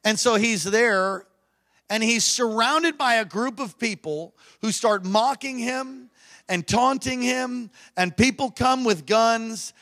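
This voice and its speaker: A male preacher with a very high, bright voice delivers a lively sermon. He tells stories with animated energy, breaking into laughter and shouting out emphatic, repeated declarations.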